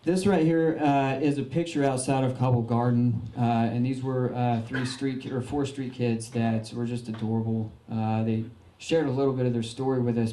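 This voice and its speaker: A young man gives a folksy, earnest slideshow talk, stumbling through fillers and restarts. His voice is mellow and dark. The room around him is echoey. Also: mid-range voice. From Arkansas, United States. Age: young adult. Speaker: veteran giving a slideshow talk. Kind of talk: informal public talk.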